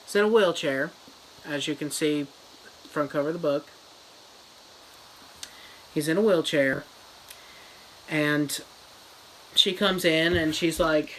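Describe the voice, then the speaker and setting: Crude deadpan jokes, rambling comedic review, slow delivery, faint hiss behind. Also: medium pitch, low-quality recording. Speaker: book reviewer. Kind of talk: comedic rambling book summary.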